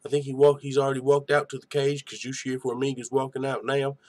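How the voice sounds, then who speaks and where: A man's voice: medium pitch, level tone, fast talker, darkish tone. A young man hosting a live fight-night stream, giving hyped, slangy reaction commentary and chatting with viewers.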